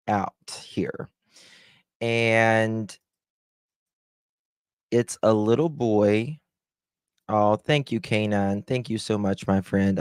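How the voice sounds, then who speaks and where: A man's voice: fairly low pitch, darkish tone, dry recording. A man hosting a true crime live stream from his room at home, casually greeting viewers one by one and calling them honey and sweetheart. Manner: greets viewers by name with pet names. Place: room at home with blinds closed.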